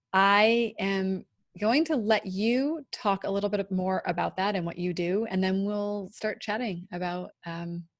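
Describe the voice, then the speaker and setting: A woman's voice: medium pitch, dry recording, studio quality. A woman hosting a podcast interview, bubbly and chatty, laughing easily. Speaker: podcast host. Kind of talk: casual interview chat.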